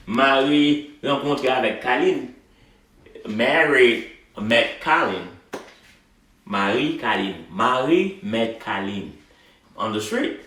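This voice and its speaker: A man's voice: mid-range voice, expressive, takes it slowly, pauses often, a bit bright, distant mic. A man teaching a language lesson, explaining patiently and reading a short dialogue aloud. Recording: roomy, voice away from the mic.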